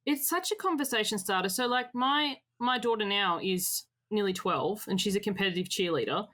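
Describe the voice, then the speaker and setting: A woman in her thirties or forties telling frank personal stories as a podcast guest, expressive and lively. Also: mid-range voice, normal speed. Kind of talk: candid personal storytelling.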